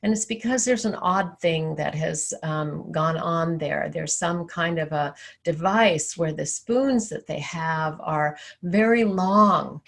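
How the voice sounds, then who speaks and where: A woman spiritual teacher giving a sermon, telling a story in a calm, storytelling manner. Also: deep voice, slow pace, gravelly, few pauses.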